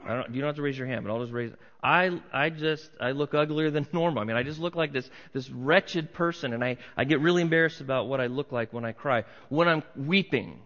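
A man's voice: medium pitch, brisk, hardly any pauses, a bit bright. Man preaching in a reverberant hall. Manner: conversational, acts out crowd voices. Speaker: pastor. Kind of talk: sermon. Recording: muffled sound with long hall reverb.

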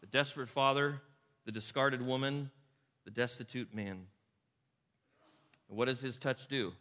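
A man preaching a sermon in a church, emphatic and dramatic, moving between loud urgent lines and hushed quiet ones. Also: medium pitch, fairly even intonation, measured pace, pauses often. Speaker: pastor. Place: church sanctuary. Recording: reverberant hall sound.

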